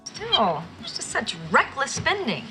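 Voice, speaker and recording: An actress playing a fussy, anxious young woman in a sitcom, who talks faster when she gets emotional. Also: high-pitched, huge pitch swings, over music, heavily acted. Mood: fretful. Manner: emotional, quickens when upset. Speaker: sitcom character. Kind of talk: sitcom acting.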